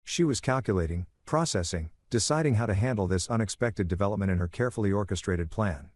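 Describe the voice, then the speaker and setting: Low-voiced man narrating a story. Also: animated, fast talker, hardly any pauses, a little mellow, no echo. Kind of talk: scripted first-person story narration.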